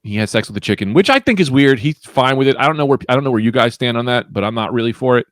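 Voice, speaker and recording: A man telling a crude joke as a rambling casual story, slipping into the voices of the characters with a deadpan delivery. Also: mid-range voice, rapid-fire, dry recording, studio quality. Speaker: podcast co-host.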